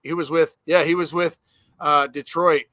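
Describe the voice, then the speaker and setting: Bright animated male podcast co-host. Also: fairly high pitch, normal speed, no echo. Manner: animated storyteller, swears. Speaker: podcast co-host, former player. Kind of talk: casual sports chat.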